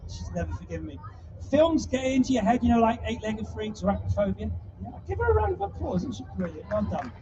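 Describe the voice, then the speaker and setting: A man's voice: high voice, big pitch swings, fast talker, noisy background. A man presenting a live animal show to an audience, chatty and teasing with a playful showman's patter. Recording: distant mic, dull sound, music behind.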